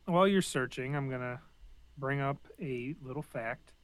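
A man in casual chat, relaxed, chiming in with corrections and comic-book trivia. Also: medium pitch, moderate pace, dry recording, poor audio.

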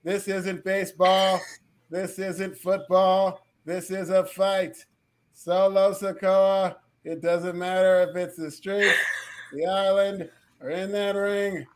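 A man reading out a stiff challenge as a slow, flat male wrestler. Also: high-pitched. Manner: slow, flat, deliberate delivery.

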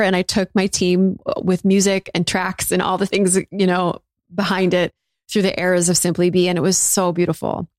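Woman in her thirties, podcast host; frank and spiritual, low-set voice, recorded dry and close. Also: dry recording. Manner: candid, spiritual, swears casually. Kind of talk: reflective solo podcast monologue.

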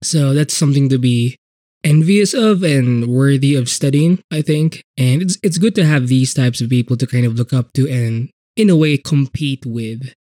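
A man talking casually on his own podcast, with a mellow, darker tone and a blocked nose. He rambles loosely, swears often, and fills gaps with "like" and "kind of". The sound is dry and close. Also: medium pitch, normal speed, no room sound. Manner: rambling, profane, lots of fillers. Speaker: podcast host. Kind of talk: casual solo podcast talk.

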